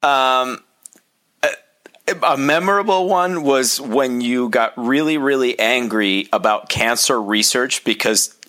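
A man's voice: mid-range voice, slow pace, bright, forceful tone. A man co-hosting a casual chat, teasing and amused. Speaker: podcast co-host.

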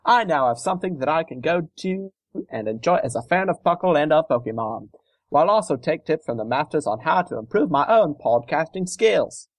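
A man's voice: on the high side, animated, brisk, dry recording. A man with a put-on English accent reading a fan letter as a cheeky young lad, chirpy and slangy. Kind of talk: reading a listener letter aloud.

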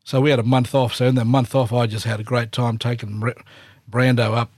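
A man's voice: mid-range voice, fairly quick, dry recording. Australian man, interview guest, storytelling, dry close sound. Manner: animated anecdotes with frequent restarts and acted-out quotes.

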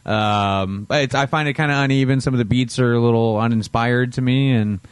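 A man's voice: mid-range voice, fairly even intonation, brisk, clear, resonant tone, no room sound. A man from Canada co-hosting a casual music podcast, laid-back, with lots of fillers and hedges. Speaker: podcast co-host. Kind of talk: casual music review chat.

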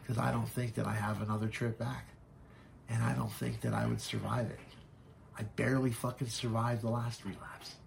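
A man with a low, gravelly voice, speaking as a podcast guest. He tells his story candidly and haltingly, with plenty of fillers and frequent swearing. His tone stays rough and grounded throughout. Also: little pitch movement, a little hiss or hum.

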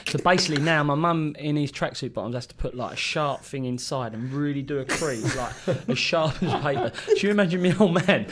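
A man's voice: fairly high pitch, brisk, hardly any pauses. A man telling a funny story in casual podcast chat. He acts out other people's voices and laughs often. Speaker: podcast co-host. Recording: noisy podcast recording.

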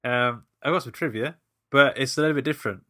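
Bright, playful man. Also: mid-range voice, quick pace, no room sound, clean studio sound. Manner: playful, laughs often, reads quotes aloud. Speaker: podcast co-host. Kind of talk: casual chat, quiz game.

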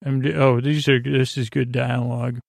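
A man hosting a sleep podcast, recapping an episode in a rambling, halting way with many filler sounds. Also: creaky, dry recording, clean studio sound. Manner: low-key, flat and meandering. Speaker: podcast host.

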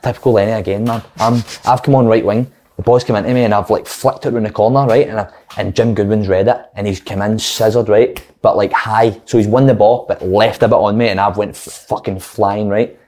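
Fast-talking Scottish footballer, swearing. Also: male voice, lowish voice. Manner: swears freely, animated anecdotes. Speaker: former footballer guest. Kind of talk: casual storytelling chat.

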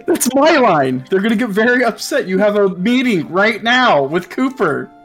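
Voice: mid-range voice, big pitch swings, normal speed, a bit bright, faint music behind, voice pushed up. A game master voicing an exasperated, prickly female clerk in an improvised tabletop game. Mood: flustered. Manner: huffy, exasperated. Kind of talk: tabletop role-play, improvised.

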